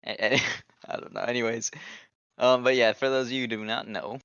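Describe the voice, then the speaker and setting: A man's voice: mid-range voice, little pitch movement, moderate pace, fairly bright tone, clean tone, lo-fi sound. A young man co-commentating a sim race, casual and a little hesitant. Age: young adult.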